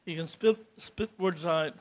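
Earnest sixties man with a raised voice. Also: fairly high pitch. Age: 60s. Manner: halting, many restarts and fillers; earnest, grows emotional toward the end. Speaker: church member giving testimony. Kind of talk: unscripted testimony. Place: church.

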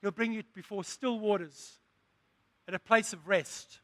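Preaching at a measured pace, this man has a high voice with a steady tone, and there's no room sound. He asks the congregation questions, call-and-response fashion, rising to emphatic declarations.

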